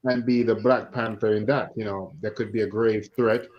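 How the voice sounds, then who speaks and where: Man, casual film chat, easygoing, drawn-out phrasing, muffled lo-fi sound. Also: on the low side, fairly even intonation. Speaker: podcast co-host.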